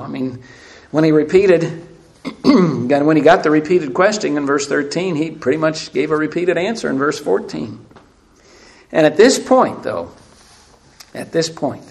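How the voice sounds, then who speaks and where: A man preaching a sermon, asking emphatic rhetorical questions and swinging between loud and hushed delivery. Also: medium pitch, creaky. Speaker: pastor.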